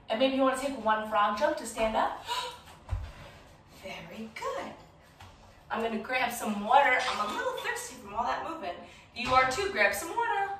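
Woman, kids' yoga teacher, bright high voice, playful and encouraging, heard from afar in a very echoey room. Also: recorded from a distance, slight background noise. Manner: playful, encouraging, sing-song. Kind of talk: guided kids yoga instruction.

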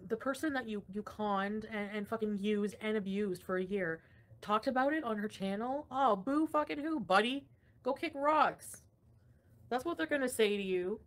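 A young woman hosting a casual livestream, ranting with frequent swearing and laughter while reading chat comments. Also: fairly high pitch. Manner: profane, ranting, laughs often. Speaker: livestream host.

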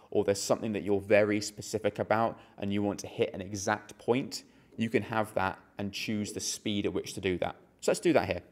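A man's voice: on the low side, darkish tone. A man giving a hands-on tech tutorial as a product demonstrator, explaining each step steadily as he goes.

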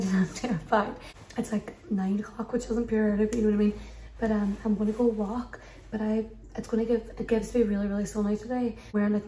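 A woman's voice: medium pitch, mellow, slight background noise. A young Irish woman vlogging casually to her phone while out and about, rambling and bubbly with lots of "like". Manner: bubbly, rambling, heavy use of "like". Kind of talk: casual vlog chat to camera. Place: outdoors in countryside and a park.

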